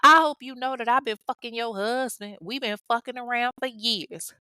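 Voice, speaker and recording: A woman's voice: a little high, bright, forceful tone, smooth, no room sound, studio quality, pitched above the performer's own voice. A woman voicing a jilted teenage girl who curses and snaps indignantly. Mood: taunting. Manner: indignant, cursing, fast. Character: hot-tempered teenage girl, jilted and vengeful.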